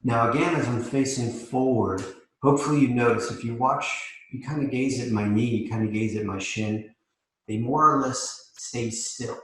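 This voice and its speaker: A man leading a live mobility class as yoga instructor, calmly cueing each step while demonstrating. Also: medium pitch, moderate pace. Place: yoga studio. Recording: echoey room.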